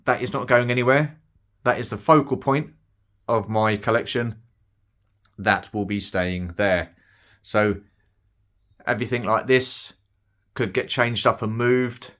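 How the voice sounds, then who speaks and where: Unhurried and pausing often, a middle-aged British man with a mid-range, fairly bright voice chats about his toy collection as he unboxes. He wanders from point to point, mocks himself and fills gaps with plenty of fillers.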